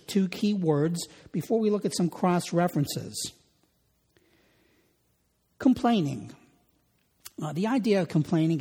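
A man delivers a sermon in a mellow, darker voice. He takes his time, slowing over scripture and repeating key words. The sound carries a long reverb, like a large hall. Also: sits high, breathy edge. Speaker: pastor.

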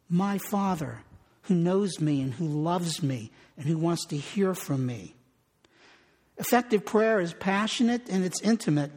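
A man's voice: high voice, darkish tone. Earnest preacher man in echoey hall. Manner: earnest, repeats phrases for emphasis. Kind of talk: sermon. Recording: long reverb of a large hall.

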